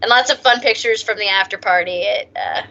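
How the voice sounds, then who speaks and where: A woman's voice: mid-range voice, brisk, gravelly, bright, forceful tone, lo-fi sound, slight background noise. A woman chatting casually as a podcast guest, with giggly asides.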